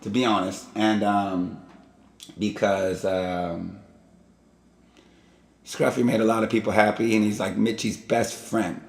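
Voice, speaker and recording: A man's voice: fairly low pitch, steady tone, measured pace, vocal fry, long pauses. A man hosting his own vlog, telling stories in a casual, rambling and digressive way. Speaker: vlog host. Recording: echoey room.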